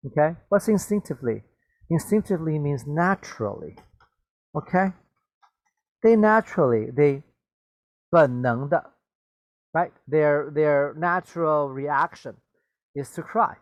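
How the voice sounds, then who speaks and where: A man gives a bilingual vocabulary lesson, repeating and explaining English words, slipping into glosses, and checking in with "okay?" and "right?". His animated voice is on the high side and a little slow, with long pauses and no room sound.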